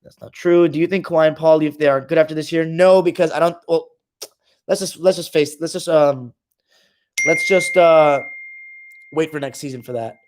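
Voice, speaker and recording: A man's voice: a little high, fairly even intonation, normal speed, slight background noise. A young man hosting a casual live stream, reading comments aloud and trash-talking his viewers.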